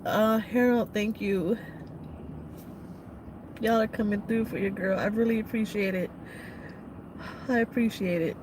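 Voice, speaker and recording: A woman's voice: medium pitch, fairly even intonation, unhurried, pauses often. Tearful woman vlogger over background noise. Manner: tearful, thanking viewers by name. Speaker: trucker and vlogger. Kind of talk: emotional live-stream chat. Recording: noisy background.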